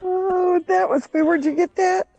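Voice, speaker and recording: A woman's voice: extremely high pitch, fairly even intonation, a little slow, vocal fry, a little mellow, dry recording, faint music behind. A woman co-hosting a livestream in casual chat, playful and teasing. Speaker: livestream co-host.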